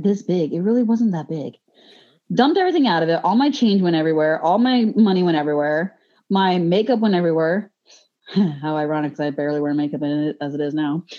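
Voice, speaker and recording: A woman in a casual podcast chat, telling a story bluntly, swearing freely and laughing along. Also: medium pitch. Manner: blunt, profane, laughs through an animated story. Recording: muffled lo-fi podcast audio.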